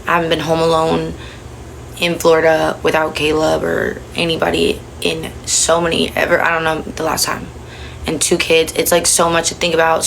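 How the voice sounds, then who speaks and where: Young woman, low gravelly voice, rambling and emotional, livestreaming from home on her phone. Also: fairly bright tone, a little hiss or hum, rough recording. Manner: rambling, emotional, many fillers. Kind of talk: confessional casual talk.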